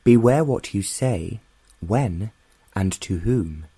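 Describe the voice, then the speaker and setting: A male audiobook reader voicing a spirited, quick-tempered young woman who answers with sharp, scornful retorts. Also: on the low side, lively intonation, breathy edge, no room sound, exaggerated voice.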